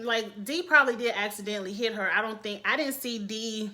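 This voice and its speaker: A woman's voice: mid-range voice, brisk, sharp tone. A woman giving blunt, candid, chatty commentary as a reality TV reviewer. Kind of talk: casual opinionated commentary.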